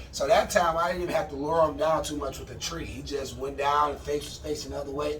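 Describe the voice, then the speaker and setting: A man with a fairly high voice gives relaxed, chatty dog-training advice and keeps repeating commands to his dog. He sounds a little away from the mic, in a roomy space with a faint hum behind him. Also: fairly quick, few pauses, distant mic. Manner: laid-back, conversational, repeats dog commands. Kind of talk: casual instructional vlog. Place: at home with his dogs.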